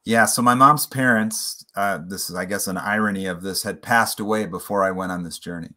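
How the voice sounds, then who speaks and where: A man guest on an interview podcast, telling a personal family story in an earnest, reflective way that slows on emotional points. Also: low-pitched, sharp tone. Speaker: podcast guest, playwright and author.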